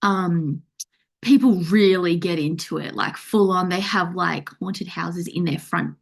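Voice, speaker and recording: An Australian woman appearing as a guest on a podcast chats casually, rambling with fillers and plenty of loose asides. Her voice is lowish and creaky, and she takes her time.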